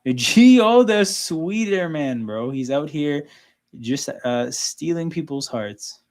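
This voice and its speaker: Taking it slowly, a Canadian livestream host talks through a casual sports watchalong in a fairly high voice with lively intonation. He stays loose and chatty, leaning heavily on "like" and "right?"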